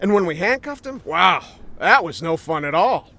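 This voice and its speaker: A goofy, chatty cop, rambling along playfully. His voice sits high and jumps around widely. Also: sing-song, normal speed, pushed and bright, heavily acted. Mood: joking. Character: chatty, goofy male police officer.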